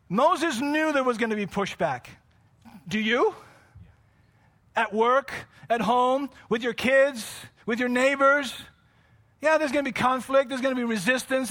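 A pastor with a very high voice preaches a sermon to his congregation, shifting between quiet, close asides and loud shouts and frequently correcting himself on the fly.

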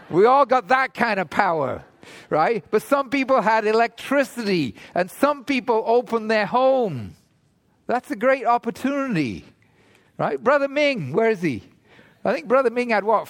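Guy preaching slow and easy, lots of "right?" and questions to the crowd, very high voice, dry sound. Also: a bit bright, no echo. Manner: conversational preaching, frequent "right?" asides, rhetorical questions. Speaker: pastor. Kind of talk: sermon. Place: church hall in Toronto.

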